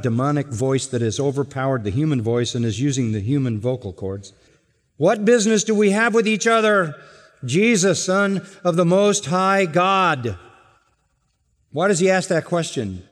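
A man preaching an expository sermon, earnest and emphatic, slowing to stress key words. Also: mid-range voice, a little mellow. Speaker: pastor. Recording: long hall reverb.

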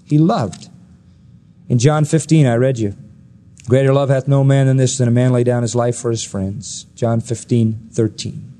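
A man preaching a sermon, emphatic and full of rhetorical questions, often swinging his pitch up high and dropping it low. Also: steady tone, normal speed, warm tone.

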